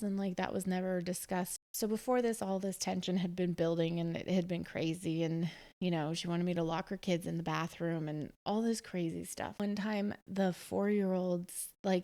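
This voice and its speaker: A woman's voice: medium pitch, vocal fry, darkish tone. A woman in her twenties casually telling a long personal story on a podcast, with lots of fillers and quoted dialogue. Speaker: podcast host.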